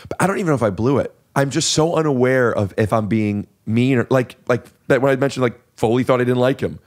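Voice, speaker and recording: A podcast host in his thirties, speaking fast in a mid-range, slightly mellow voice, tells a long, self-questioning tale in a loose, rambling manner during a casual chat in the studio.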